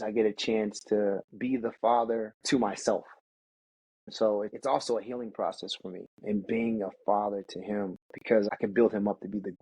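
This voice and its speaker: Earnest husky-voiced man telling stories. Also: on the low side, warm tone, no room sound, rough recording. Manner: earnest, storytelling, restarts often. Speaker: podcast guest. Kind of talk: candid reflective conversation.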